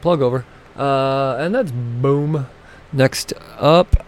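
A man's voice: mid-range voice, unhurried, vocal fry, darkish tone, a little hiss or hum. A man chatting casually and rambling through a list of upcoming comics, swearing now and then and laughing at himself. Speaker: comic book vlogger.

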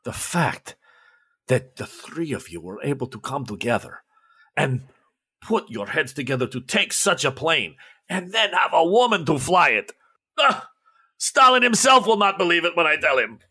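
A man's voice: on the high side, sing-song, moderate pace, bright, forceful tone, husky, full character voice. A man voicing a boisterous Russian male officer with a Russian accent, jovial and grandiose.

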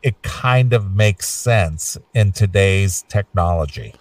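A man's voice: deep voice, slow pace, no room sound, distant mic. A man co-hosting a radio show in casual chat, musing and laid-back, often repeating himself.

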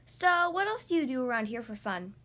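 Hyper little duck girl, high-pitched and shouting, boastful, voiced by a woman in a storybook. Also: sing-song, a little fast.

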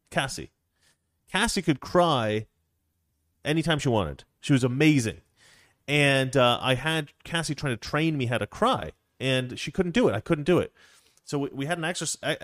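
With a medium-pitched, fairly bright voice, this male co-host rambles through long stories in a casual conversation. His many restarts and fillers come through studio-quality audio with no room sound.

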